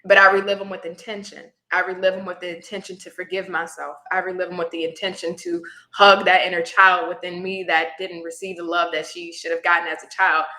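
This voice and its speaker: Woman guest, reflective and emotional storyteller, bright tone, roomy echo. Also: on the low side, little pitch movement, fairly quick, few pauses. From Houston area. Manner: reflective, gets teary at times. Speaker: tarot reader guest.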